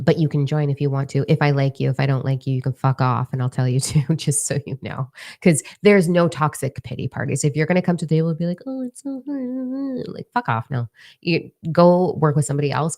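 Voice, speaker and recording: A woman mentor talking casually to her followers in a livestream, blunt, profane and energetic. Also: sits low. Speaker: mentor and social media creator.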